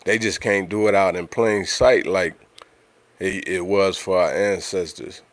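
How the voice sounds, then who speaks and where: Deep voiced guy, chatting loose on his livestream, dry sound, lots of you know what im sayin. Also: steady tone, unhurried, dry recording. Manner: conversational, repeats himself, frequent "you know what I'm saying". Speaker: livestream host. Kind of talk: casual livestream talk.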